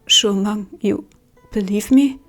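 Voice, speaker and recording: A woman's voice: slow pace, fairly bright tone, soft background music. A woman doing an earnest accused young man. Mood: moved. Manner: low, earnest, restrained. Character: young man falsely accused, calm and pleading.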